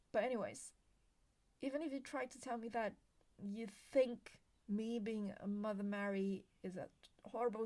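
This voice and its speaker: A woman hosting a casual solo talk show, ranting in an exasperated way and dropping to whispers for emphasis, recorded on a handheld recorder. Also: a little high. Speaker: podcast host.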